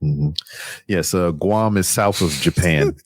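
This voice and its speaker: A man's voice: deep voice, slow pace, dry recording. A man co-hosting a podcast in casual chat, laid-back and joking, rambling through his points. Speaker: podcast co-host. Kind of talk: casual chat about wrestling.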